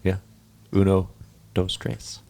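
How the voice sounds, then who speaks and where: A man's voice: deep voice, completely flat delivery, slow pace, vocal fry, a little mellow. A man co-hosting a podcast, talking in laid-back, joking banter with his co-hosts. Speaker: podcast co-host. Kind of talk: casual chat.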